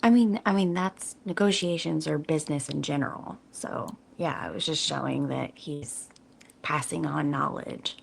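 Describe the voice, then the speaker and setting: A woman's voice: sits low, normal speed, creaky, a little hiss or hum. A foul-mouthed woman co-hosting a podcast, chatting enthusiastically about a film. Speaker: podcast co-host. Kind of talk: casual movie review chat.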